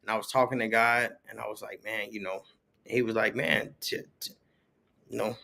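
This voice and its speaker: A man's voice: fairly low pitch, fairly even intonation, normal speed, gravelly, background noise. A man talking casually as a podcast guest, telling stories with plenty of slang and acting out the voices he quotes. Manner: storytelling, acts out quoted voices, loose slang. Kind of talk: casual conversation.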